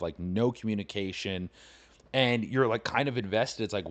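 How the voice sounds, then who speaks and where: A young man hosting a podcast, retelling an online story in a casual, profane, rambling way and scoffing that it is fake. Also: fairly low pitch. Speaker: comedian podcast host.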